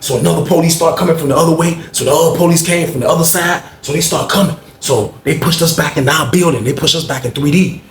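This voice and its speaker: A man casually telling a story, animated and acting out the people he quotes in a higher voice. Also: quick pace, vocal fry, few pauses. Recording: echoey room with faint noise.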